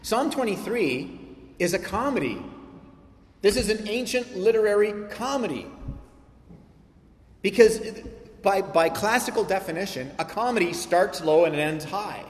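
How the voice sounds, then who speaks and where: A man preaching with slightly raised pitch and lots of drive. He swings between loud, punchy lines and hushed asides. The sound rings through a large, roomy hall with a long tail. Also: a little slow, pauses often. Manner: animated, swings from loud emphasis to quiet asides. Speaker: pastor. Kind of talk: sermon.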